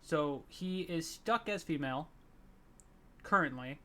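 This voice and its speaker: A man playing in a tabletop game, explaining his character hesitantly with many pauses. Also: on the high side, expressive, sharp tone. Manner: hesitant, full of ums. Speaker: player. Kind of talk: tabletop role-play chat.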